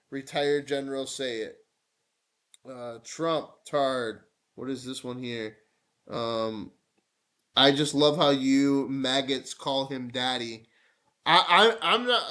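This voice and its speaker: A man's voice: medium pitch, bright, forceful tone. A man live-streaming political commentary, irreverent and mocking, breaking into whiny put-on voices.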